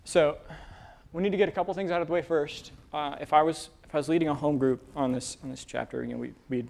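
A man preaching a casual sermon, talking in halting bursts full of fillers and restarts. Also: fairly high pitch, steady tone, vocal fry, darkish tone. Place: church with a room of divinity students.

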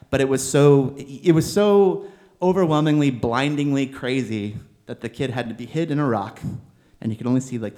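Conversational male preacher. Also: mid-range voice. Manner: conversational, animated, with filler words. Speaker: pastor. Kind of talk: sermon.

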